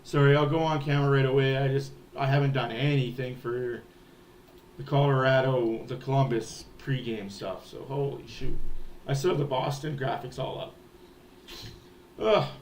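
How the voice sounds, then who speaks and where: A man's voice: mid-range voice, normal speed, a little mellow, a little hiss or hum. A man hosting a hockey fan livestream, ranting in a heated, profane way. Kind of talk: ranting sports livestream talk.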